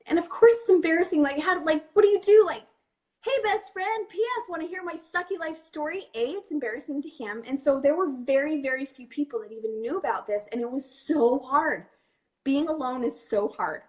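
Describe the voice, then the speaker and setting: A young woman hosting a webinar, talking candidly and directly to an audience of women in casual chat. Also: a little high. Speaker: webinar host and coach.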